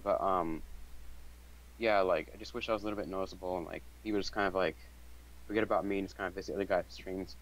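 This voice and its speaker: Young dude, real deep voice, unsure and halting, lots of likes and ums. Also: male voice, fairly even intonation, slight background noise, poor audio. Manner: hesitant, lots of fillers and restarts. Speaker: fellow streamer calling in. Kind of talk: casual chat.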